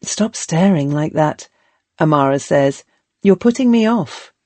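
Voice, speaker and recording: A woman's voice: sits low, animated, measured pace, a little mellow, dry recording. A woman voicing a determined, loving young former slave in a historical audiobook, earnest and reassuring. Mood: irritable.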